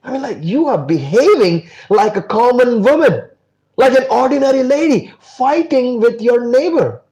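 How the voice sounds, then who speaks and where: Man putting on an exasperated saint, high and shrill. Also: animated, normal speed, mellow, rough recording. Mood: scornful. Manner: incredulous, exclaiming. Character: indignant renowned male saint, exasperated and scornful.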